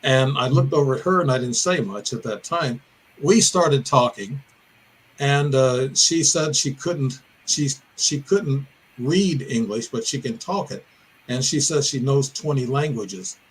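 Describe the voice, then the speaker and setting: An older Midwestern man from Illinois takes his time, speaking in an unhurried, mid-range voice as a podcast guest recounting a personal encounter. He tells the story in detailed, meandering fashion with self-corrections, over poor audio with slight background noise.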